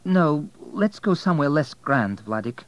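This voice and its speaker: A man reading the part of a young Polish immigrant waitress, speaking softly with a Polish accent and a gently teasing manner. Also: on the high side, big pitch swings, a little slow, voice pushed up. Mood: gentle.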